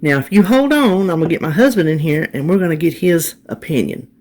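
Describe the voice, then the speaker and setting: A woman's voice: fairly low pitch, animated, brisk, a little mellow. A woman hosting her own cooking channel, chatting viewers through each step of a recipe in her home kitchen. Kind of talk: casual cook-along demonstration.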